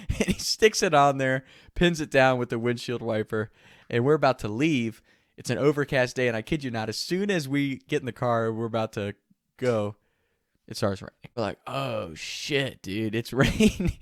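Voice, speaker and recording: A man's voice: mid-range voice, normal speed, no echo, studio quality. Casual laughing young man telling a story. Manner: laughs through the telling, animated. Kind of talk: casual anecdote.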